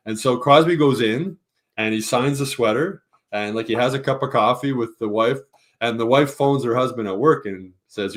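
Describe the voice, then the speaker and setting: Chatting casually as a guest, a male hockey columnist with a Canadian accent shares anecdotes in a medium-pitched voice at a moderate pace. He's an animated storyteller who acts out each quote.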